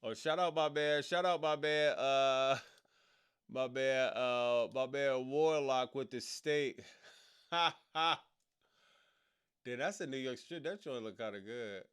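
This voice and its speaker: A man streaming a casual reaction chat, slangy and rambling, and working himself up into loud, incredulous rants. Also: medium pitch, slow, smooth. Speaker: streamer reacting to a wrestling show.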